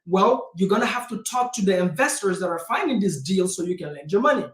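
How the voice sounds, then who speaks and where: A man hosting his own video, giving casual, energetic real estate advice straight to viewers and calling them guys. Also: high voice, a little fast, reverberant. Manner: energetic, direct, keeps calling viewers 'guys'. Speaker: real estate investor and channel host. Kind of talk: casual motivational vlog talk. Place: indoor room with a self-made backdrop.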